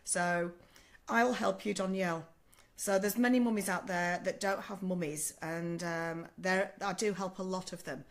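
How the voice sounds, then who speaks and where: An older Australian sleep consultant answers questions in a casual live-stream Q&A, warm, motherly and chatty, often checking in with "okay?" and calling people "love". Her fairly low voice holds a steady tone at a slightly slow pace, still a little rough as it recovers from a sore throat.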